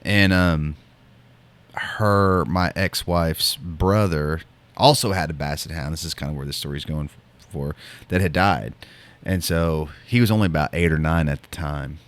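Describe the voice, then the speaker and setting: This man's very low voice is unhurried as he spins a casual, rambling story in the manner of a podcast co-host. Fillers and false starts pile up, and he loops back before getting to his point.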